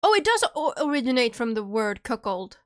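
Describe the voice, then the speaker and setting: A woman's voice: a little high, big pitch swings, a little fast. A young woman streamer chatting casually and jokingly while chewing candy, rambling through her thoughts. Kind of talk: casual livestream chat.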